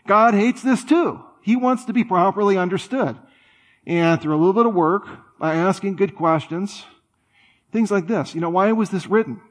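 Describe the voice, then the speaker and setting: A man preaching a sermon in a conversational way, with playful, animated asides. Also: on the high side. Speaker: pastor.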